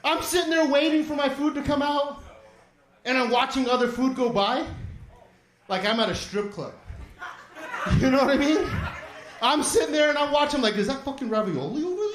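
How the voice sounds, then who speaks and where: A man's voice: very high-pitched, moderate pace, long pauses, a bit bright, echoey room. A man in his forties doing a stand-up set in a small comedy studio, rambling, profane, and acting out the voices he quotes. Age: 40s.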